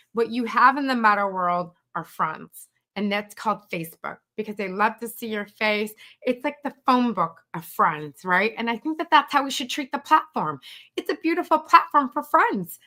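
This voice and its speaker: A middle-aged woman talks to her viewers in a loose, chatty live-stream style, full of "um"s and little acted-out quotes. Her voice is bright and forward, and she moves from coaching advice to friendly asides. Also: on the high side. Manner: chatty and animated, acts out quoted voices, many fillers. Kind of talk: casual live-stream chat.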